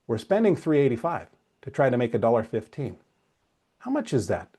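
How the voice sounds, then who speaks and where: A man's voice: mid-range voice, brisk, slightly rough. A man coaching an options trading webcast, talking straight to his viewers, asking questions and then answering them. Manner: lively, talks to viewers directly, asks and answers questions. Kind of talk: webcast lesson.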